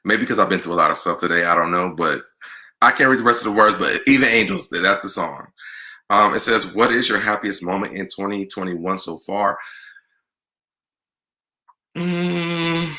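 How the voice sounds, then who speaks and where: A man with a very deep voice and a strikingly bright, sharp edge to his tone. He hosts a casual Q&A vlog and answers viewer questions in a candid, chatty way. His delivery stays loose and conversational throughout. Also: animated, moderate pace, pauses often.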